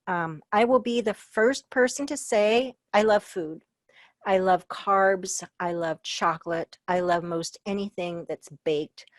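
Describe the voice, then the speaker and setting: A woman's voice: medium pitch, slow, no echo. A middle-aged woman from Iowa presenting a webinar for librarians. She talks in a conversational, personal way, with frequent "um" and touches of humor. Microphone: video call.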